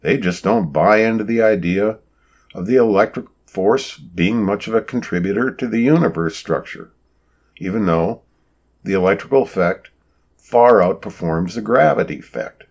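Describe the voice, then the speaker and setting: Deep-voiced man narrating a story. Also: gravelly, a little mellow, breathy edge. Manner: measured, explanatory. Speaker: audiobook narrator.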